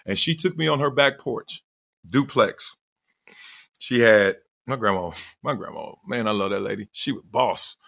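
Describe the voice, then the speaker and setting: A middle-aged man from Southern California who tells a personal story with lots of feeling. His pitch jumps around and he sometimes lets out loud whoops. His voice has a bright, forceful edge. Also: animated, a little slow, vocal fry. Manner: emphatic, digressive, bursts into loud whoops. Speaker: podcast host.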